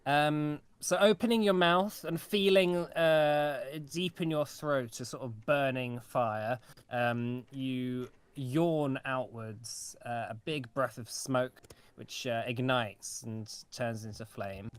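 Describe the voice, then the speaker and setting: A man narrating a tabletop game as game master, with many pauses and fillers. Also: medium pitch, smooth.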